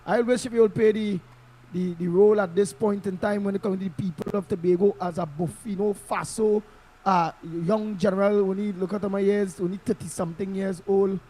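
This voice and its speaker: A man's voice: high voice, steady tone, brisk, mellow. A man with a Trinidadian accent giving impassioned political commentary, emphatic and repetitive, in local Creole phrasing, heard through an online call-in mic.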